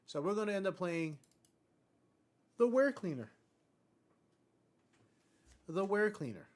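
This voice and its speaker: Young male streamer, profane and jokey, high and very animated voice. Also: slow pace. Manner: brash, profane, jokey, swings from mutters to outbursts. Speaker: game streamer. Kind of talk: casual live-stream commentary.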